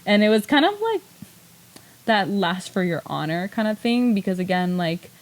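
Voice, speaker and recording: A woman's voice: mid-range voice, normal speed, rough recording. A woman hosting a podcast in casual chat, rambling with lots of fillers and laughing often as she talks. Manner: rambling, filler-heavy retelling with frequent "like"; animated, laughs often while talking. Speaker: podcast host.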